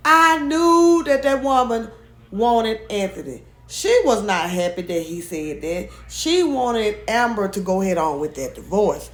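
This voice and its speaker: Woman vlogger, mid pitch, gossipy recap, lots of restarts, echoey room. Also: expressive, unhurried, few pauses. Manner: chatty and opinionated, many restarts, talks straight to viewers.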